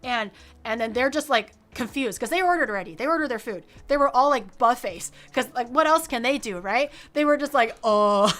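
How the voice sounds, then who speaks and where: A young woman streamer telling a story in an animated, casual way, full of "like" fillers and acting out the people in it. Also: high-pitched, a little fast, soft background music. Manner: frequent "like" fillers.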